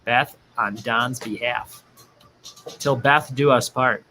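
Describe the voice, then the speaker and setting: A man's voice: medium pitch, steady tone, slow pace, sharp tone, faint music behind. A man hosting a casual livestream trivia game, joking, laughing often and reading viewer chat aloud.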